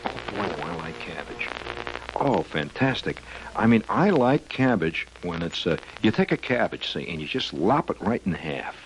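A man talks alone in a radio studio, rambling whimsically from one silly tangent to the next. His voice sits very low but leaps around animatedly, full of "uh"s and sudden squeaky asides. A faint hiss lies under the recording. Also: big pitch swings, normal speed, poor audio. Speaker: radio host. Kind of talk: rambling comic radio monologue.

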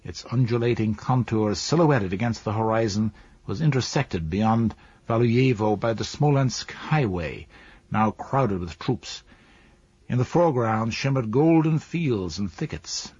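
A man narrating a classic novel as an audiobook in a measured, even storytelling manner. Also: fairly low pitch, slightly rough, no room sound. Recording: dull dry lo-fi recording.

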